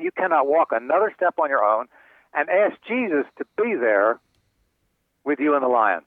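A man's voice: a little high, normal speed, dry recording. Older man telling stories over a phone line. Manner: animated storyteller acting out quoted voices. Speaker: author and guest. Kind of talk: storytelling interview answers. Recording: tinny phone line, dry.

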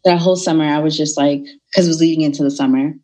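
A young woman telling a personal story in a casual, animated way, acting out the people in it. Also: sits low, rapid-fire. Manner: animated, retells dialogue in voices.

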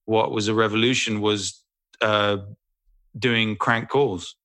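A man telling a casual, animated, self-deprecating story as an interview guest, swearing freely. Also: fairly low pitch, slow. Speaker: voice actor guest.

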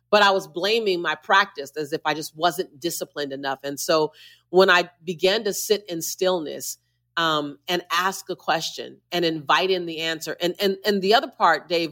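A woman's voice: fairly low pitch, a bit bright. A woman who is a motivational speaker, a guest on a podcast interview, talking with emphatic, preacher-like repetition.

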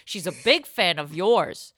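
Animated bright-voiced woman podcast host. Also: on the low side, unhurried, no echo. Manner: excitable, goofy storytelling. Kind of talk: casual chat.

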